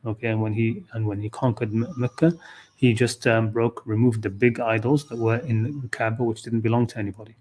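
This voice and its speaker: A man's voice: mid-range voice, fairly even intonation, brisk, darkish tone. A man giving an unscripted livestream talk on a scripture verse, thinking aloud with frequent restarts and "okay, you know". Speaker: Qur'an teacher.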